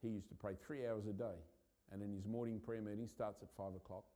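A man, a pastor, preaching a sermon with impassioned urgency that builds to loud peaks. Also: fairly low pitch, fairly even intonation, fairly quick.

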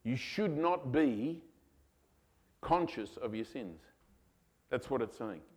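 A male pastor preaching a sermon to his congregation, animated and given to acting out voices. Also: mid-range voice, slow pace. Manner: animated, acts out voices of God and children. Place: church hall.

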